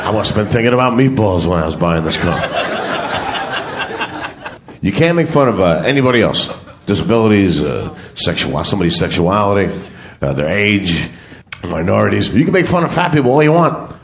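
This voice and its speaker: A man's voice: lowish voice, big pitch swings, brisk. A man doing a live stand-up comedy set, crude and self-mocking, laughing at his own jokes. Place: comedy club with live audience. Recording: loud crowd and room noise.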